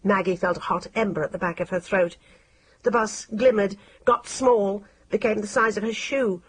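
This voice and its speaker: A woman narrating an audiobook in a measured, expressive reading style. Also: medium pitch, slightly rough.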